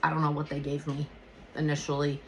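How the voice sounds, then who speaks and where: A woman's voice: sits low, a little fast, slight background noise. A woman hosting a podcast, telling a story casually, swearing freely and acting out what she said. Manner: profane, animated retelling with quoted exclamations. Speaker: podcast host.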